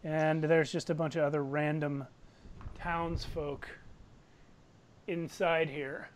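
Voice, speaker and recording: A man's voice: on the high side, flat delivery, takes it slowly, a little hiss or hum. A man narrating as game master of a tabletop game, describing scenes and characters in a descriptive, lightly amused manner.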